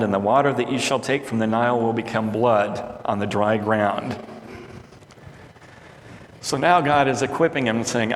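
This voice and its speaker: A man preaching a sermon as pastor, reading scripture aloud and retelling it in casual modern words. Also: mid-range voice. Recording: echoey hall with faint ambience.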